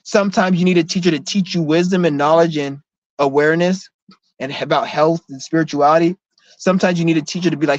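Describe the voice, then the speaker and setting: Quick-paced and fairly high-pitched, this vlogger keeps a fairly even intonation even as he rants heatedly at the camera. He's blunt, profane and confrontational, frequently restarting and repeating himself. Sound is dull, lo-fi and dry.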